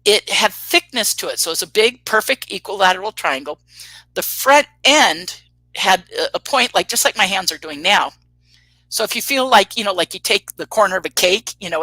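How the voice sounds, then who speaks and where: Bright-voiced woman telling a lively story. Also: mid-range voice, dry recording, poor audio. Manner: animated storyteller, acts out quotes, laughs often. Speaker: UFO tour guide telling sightings. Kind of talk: casual storytelling on a radio talk show.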